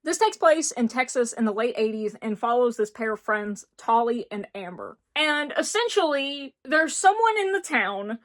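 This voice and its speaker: A woman's voice: a little high, very animated, moderate pace, few pauses. A woman in her twenties from rural Tennessee with an Appalachian accent, gushing in a casual book review chat. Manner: gushing, enthusiastic, emphatic repetition. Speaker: book vlogger.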